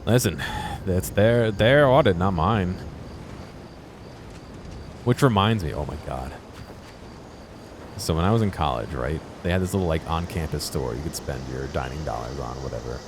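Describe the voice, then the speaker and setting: A man chatting casually as he plays a video game, telling an animated story full of swearing. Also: extremely low pitch. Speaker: gaming streamer. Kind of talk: casual let's-play chat. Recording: noisy game-capture mix.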